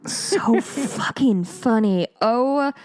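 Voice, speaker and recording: A woman co-hosting a podcast in casual chat, blunt and quick to laugh and swear. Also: a little high, darkish tone, smooth. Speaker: podcast co-host.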